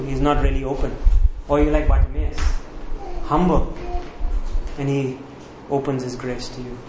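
In a faintly noisy, echoey room, a preacher speaks at normal speed. His mid-range voice is a little mellow, with fairly even intonation. He leans on rhetorical questions and repeated key words for emphasis.

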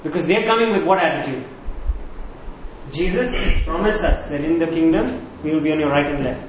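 A man's voice: a little high, a little fast. A man preaching a sermon, asking rhetorical questions and repeating key words for emphasis. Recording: echoey room, faint background noise.

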